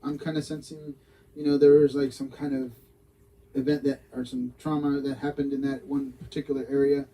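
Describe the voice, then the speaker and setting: A man paranormal investigator recounting a case in a casual interview, halting and repeating his words. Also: medium pitch, flat delivery, mellow, rough recording.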